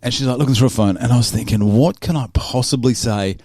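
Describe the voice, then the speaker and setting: A man's voice: medium pitch, quick pace, darkish tone, no room sound, clean studio sound. An Australian man hosting a podcast, telling a story in casual chat with many restarts. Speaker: podcast host.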